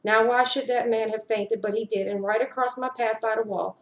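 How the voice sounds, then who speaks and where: A woman giving an intense dramatic reading of a story, slowing down for emphasis, recorded on a webcam at home. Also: on the high side, fairly even intonation. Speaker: reader. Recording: roomy echo.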